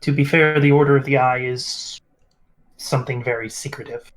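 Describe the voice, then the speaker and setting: A man voicing a formal, courteous male field agent in a tabletop role-play, speaking with polite, measured phrasing. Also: medium pitch, steady tone, lightly acted, rough recording. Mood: earnest. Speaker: game master voicing a character.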